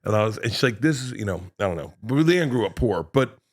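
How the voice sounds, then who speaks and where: A man in his fifties with a fairly low voice, spinning rowdy stories on a podcast. He jumps into the scenes he tells and acts them out, and his voice shoots up or drops off as he plays each part. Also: fast talker. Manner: animated storyteller, acts out scenes. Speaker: comedian guest. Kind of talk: casual podcast chat.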